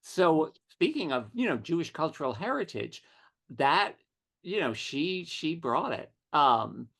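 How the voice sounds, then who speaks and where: A man's voice: fairly high pitch, vocal fry. A middle-aged man, a writer, telling witty anecdotes as an interview guest. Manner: witty, animated storytelling with quick asides. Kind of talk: conversational anecdotes.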